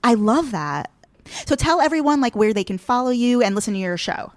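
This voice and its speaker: A woman's voice: fairly high pitch, animated, a little fast, no echo. Woman podcast host chatting casual, lots of likes, dry close sound. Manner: chatty, frequent "like" fillers. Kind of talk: casual chat.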